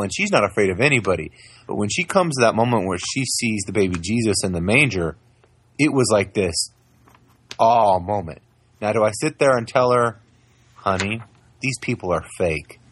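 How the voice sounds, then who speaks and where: A young man in a casual talk, animated as he tells stories about his small daughter and acts out the voices. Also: lowish voice, slight background noise. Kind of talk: casual chat.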